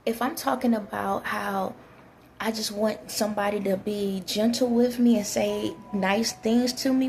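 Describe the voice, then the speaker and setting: A woman's voice: a little high, measured pace, vocal fry, a little mellow, a little hiss or hum. A woman vlogger giving relationship advice, talking bluntly and directly to her viewers in a casual way.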